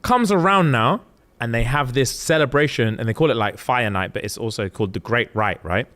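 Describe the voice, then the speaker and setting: A man's voice: medium pitch, brisk, fairly bright tone. A man hosting a casual podcast. He retells a story in loose street slang and swears freely, in an easy conversational tone. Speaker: podcast host.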